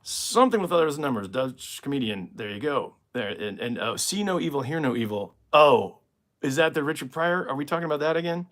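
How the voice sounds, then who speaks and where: A man's voice: mid-range voice, very animated, a little fast, fairly bright tone. An American man, a comedian, answering viewer questions in a casual, rambling live stream and laughing at his own jokes. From United States.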